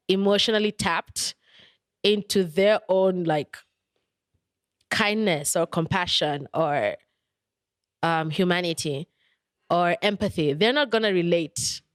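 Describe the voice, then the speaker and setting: A young woman hosts her podcast, telling reflective personal stories in a candid, thoughtful way, sprinkled with frequent "like" and "um" fillers. Her medium-pitched voice is smooth and clean. The recording is dry and close-miked, with no echo or room sound.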